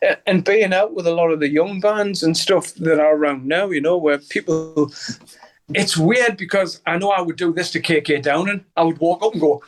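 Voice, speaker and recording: An older Geordie man from Newcastle, England, speaks in a slightly high voice at a moderate pace, with faint music in the background. He's a guest musician telling stories in a casual interview, swearing freely, laughing often and acting out the voices of the people he describes.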